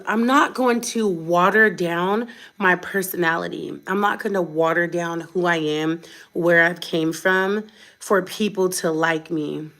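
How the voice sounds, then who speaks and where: Woman vlogger, slightly low voice, tired, blunt and defiant, unscripted direct-to-camera talk. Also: moderate pace, a bit bright. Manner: blunt, defiant, chatty and emphatic. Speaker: vlogger, mother.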